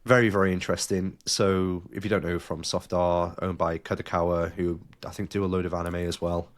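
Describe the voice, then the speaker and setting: A deep-voiced man hosts a casual podcast, speaking fairly quickly with little pitch movement. He jokes around and reads news stories aloud, adding his own asides.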